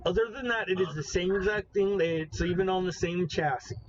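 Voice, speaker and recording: A man co-hosting a podcast in casual chat, excitable and explaining things at length. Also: high voice, brisk, lo-fi sound, a little hiss or hum. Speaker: podcast co-host.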